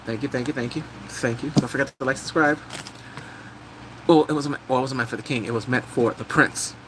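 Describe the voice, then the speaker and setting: A man's voice: mid-range voice, steady tone, brisk, noisy background. A man live-streaming a casual drama recap, chatting loosely, thanking viewers as he goes and breaking into big squealing reactions.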